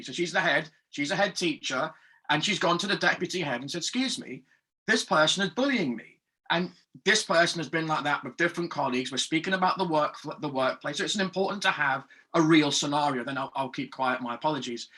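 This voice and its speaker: A bright, higher-pitched man in his thirties from Scotland talks on a video call. He tells his story earnestly, restarting his sentences and stopping to apologize. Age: 30s. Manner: earnest, repeats himself and apologizes. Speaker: meetup participant. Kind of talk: casual group discussion.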